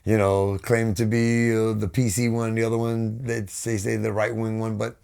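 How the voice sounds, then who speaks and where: A middle-aged man with a New York accent talks in a low, gravelly voice. He tells stories loosely and rambles, dropping curses and calling people "bro" and "man" as he goes, like a guest chatting on a podcast. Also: little pitch movement, normal speed, darkish tone. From United States. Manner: rambling, profane storytelling with frequent "bro" and "man". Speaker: podcast guest, band vocalist. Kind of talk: casual chat.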